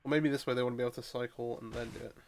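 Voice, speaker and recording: A man talks through his card game match as he plays. He mutters half-finished thoughts, repeats words and restarts sentences. His pitch sits at an ordinary middle level for a man. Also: steady tone, very fast, slight background noise. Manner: thinking aloud, mumbling, frequent restarts. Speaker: streamer playing a card game. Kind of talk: casual gameplay commentary.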